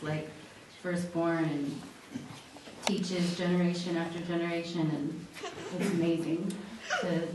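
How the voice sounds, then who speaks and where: A young woman giving a halting eulogy for her grandmother at a memorial viewing, with many fillers and restarts. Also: fairly low pitch. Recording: echoey hall, from far off, faint noise.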